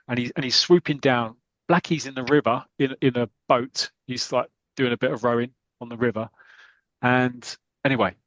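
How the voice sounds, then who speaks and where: A man hosting a podcast, casually retelling a comic panel by panel in a rambling, animated way. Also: medium pitch, no echo, dull audio. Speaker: podcast host.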